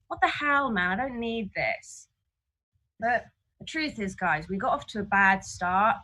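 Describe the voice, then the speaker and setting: A woman doing a frank, ranting stand-up set from her flat. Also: fairly high pitch, moderate pace, rough recording. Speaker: stand-up comedian. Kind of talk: stand-up set streamed from home. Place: flat, indoors.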